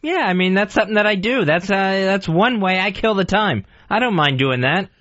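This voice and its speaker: Higher-voiced male co-host, sincere and a little defensive, dry lo-fi studio sound. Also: animated, moderate pace, a bit bright, no room sound. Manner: earnest, defensive storytelling. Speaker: radio show co-host. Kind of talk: radio talk show banter.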